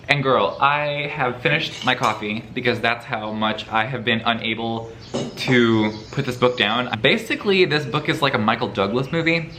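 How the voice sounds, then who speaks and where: A man chatting casually in a reading vlog, animated and profane, with campy humor. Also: mid-range voice, slight background noise. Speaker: book vlogger. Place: indoors at home, later outdoors.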